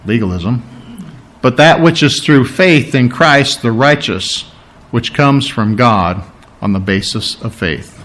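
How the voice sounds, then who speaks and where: A man preaching with a middle-pitched voice that leaps high when he acts out scenes and sinks low and soft for tender words. His sermon delivery is animated and personal, moving between lively storytelling and quiet emphasis. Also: takes it slowly.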